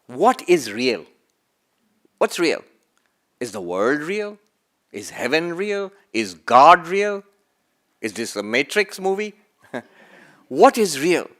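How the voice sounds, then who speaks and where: A man with a fairly high voice gives a lecture-style sermon as a monk. He poses rhetorical questions, repeats key phrases slowly, and swings from emphatic rises to soft, fading endings. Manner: slow deliberate delivery with repeated phrases. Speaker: monk giving a spiritual talk.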